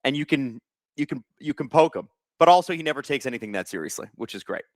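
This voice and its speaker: Man, young adult, livestream host, chatty and joking, animated voice, dry close sound. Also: medium pitch, quick pace, dry recording. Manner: chatty, reads viewer comments aloud, joking. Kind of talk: casual live watch-along chat.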